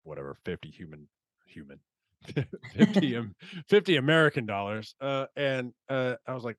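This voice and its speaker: A man's voice: medium pitch, very animated, fairly quick, no echo. Guy in his 30s hosting a podcast, rambly and sweary, dry close sound. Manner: swears freely, rambling storyteller. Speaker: podcast host. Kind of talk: casual chat.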